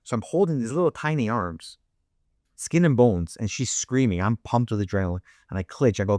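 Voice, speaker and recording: A man's voice: mid-range voice, very animated, brisk, mellow, no room sound, studio quality. A middle-aged man hosting an interview, telling a family story with many restarts and acted-out voices. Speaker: host.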